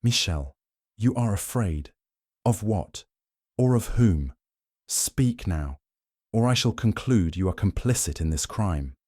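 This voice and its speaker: Here is a man playing a shrewd, stern older detective in an audiobook. He presses hard with pointed, commanding questions in a deep voice, set a little higher than his narration, in a dry, close sound. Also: lively intonation, slow, darkish tone, no room sound.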